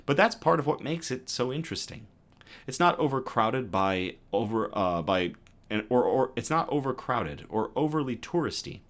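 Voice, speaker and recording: A man hosting a news livestream, reading stories aloud and chatting with viewers between them in a lively, self-correcting way. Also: medium pitch, moderate pace. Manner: lively, reads chat comments aloud and self-corrects with a laugh. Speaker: news show host.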